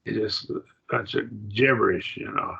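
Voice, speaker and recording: Gravelly, husky man teaching a Bible class. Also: lowish voice. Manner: halting, thinks aloud with restarts. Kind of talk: Bible study lesson on Greek text. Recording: dull lo-fi recording.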